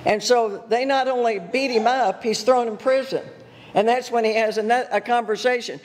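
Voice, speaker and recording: An older woman giving a guest sermon, telling personal stories in an animated way, laughing and acting out her own thoughts. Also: on the high side, normal speed. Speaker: guest speaker at church. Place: church sanctuary. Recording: echoey church hall with faint noise.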